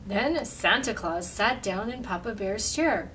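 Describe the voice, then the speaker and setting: A woman reading a storybook aloud with animated, expressive delivery, then leading a simple craft. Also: mid-range voice, unhurried, far from the mic, noisy background.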